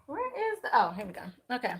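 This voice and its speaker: A woman giving a chatty live tarot reading, talking to viewers and spirits, with many fillers and quick apologies. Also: a little high, huge pitch swings, a little hiss or hum. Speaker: tarot reader.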